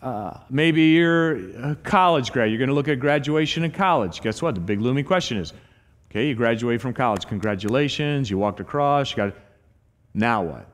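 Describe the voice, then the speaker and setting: This middle-aged pastor preaches at a normal pace with a mid-range voice. Inside a church sanctuary that gives a long reverb, he brings his stories to life by acting out quotes.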